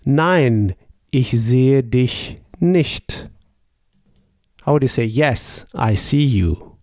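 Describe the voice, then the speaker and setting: A man's voice: medium pitch, expressive, a little mellow, no room sound, studio quality. A man teaching a language lesson, patiently asking questions and modelling the answers. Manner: explains slowly and patiently, models each answer. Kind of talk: slow, patient language lesson with pauses for the listener.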